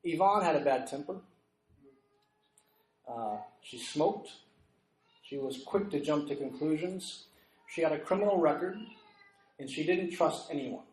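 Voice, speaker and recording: A man's voice: fairly high pitch, unhurried, pauses often, a little mellow, reverberant, rough recording. A middle-aged man preaching, telling a story from his congregation and acting out the people in it. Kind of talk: storytelling sermon. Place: church meeting room.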